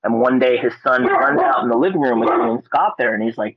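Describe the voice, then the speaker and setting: A man's voice: brisk, hardly any pauses, a little hiss or hum. Laid-back man from Alaska telling stories. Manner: animated, acts out quotes with loud high-pitched voices; laid-back, frequent fillers and swearing. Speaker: podcast guest. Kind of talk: casual storytelling. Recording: dull lo-fi podcast audio.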